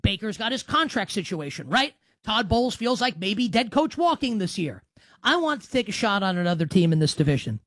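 A man's voice: high voice, big pitch swings, fairly quick, a bit bright, no room sound. A man in his thirties hosting a sports talk show, brash and emphatic, cracking jokes between picks. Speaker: sports radio host.

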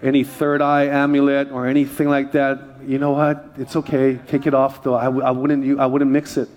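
A man preaching a conversational sermon from a church stage, dropping into quiet asides and rising into loud, excited storytelling. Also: medium pitch, fairly quick, dull audio. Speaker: pastor.

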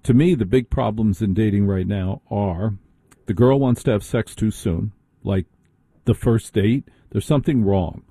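A male talk-radio host speaks bluntly in a relaxed, conversational way. His voice is very dark and mellow. The sound is dry and close to the mic. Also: fairly low pitch, unhurried, breathy edge, no echo.

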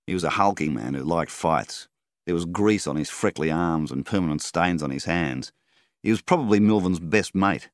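A man's voice: low voice, normal speed, no echo, clean studio sound. A man with an Australian accent reading a story aloud as its narrator. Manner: steady storyteller, voices the characters. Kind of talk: audiobook narration.

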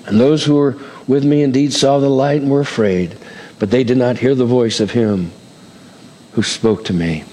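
A pastor preaching a sermon, reading scripture aloud and acting out the characters with shifting voices. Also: male voice, medium pitch, moderate pace, mellow, in a large hall.

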